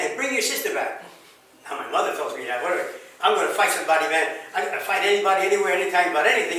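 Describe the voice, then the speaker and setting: An older man, a pastor, telling his life testimony in an animated way, acting out the dialogue and sound effects, recorded far off in an echoey room. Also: high-pitched. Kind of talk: personal testimony storytelling.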